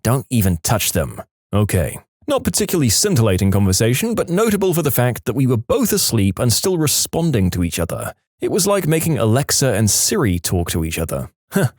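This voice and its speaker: A man narrating submitted stories for a storytelling channel, with expressive, playful delivery. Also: medium pitch, brisk, no echo, studio quality. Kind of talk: reading submitted stories aloud.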